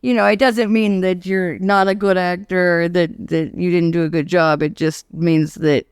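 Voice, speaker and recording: A woman's voice: fairly low pitch, steady tone, normal speed, clean tone, dry recording, clean studio sound. A woman guesting on a podcast, chatting casually about an old horror film and laughing as she talks. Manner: chatty, laughs while talking.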